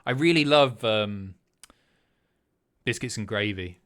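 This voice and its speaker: A man's voice: on the low side, slow, a bit bright. A man hosting a live stream, chatting casually, swearing and guessing aloud as he reads chat. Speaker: streamer host.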